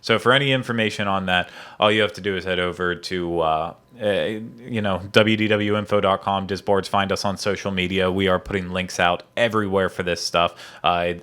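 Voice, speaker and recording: Chatty low-voiced man hosting a podcast. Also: fairly even intonation, a little fast, hardly any pauses, fairly bright tone, clean tone. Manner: rambling, chatty, many fillers. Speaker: podcast host. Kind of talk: casual chat.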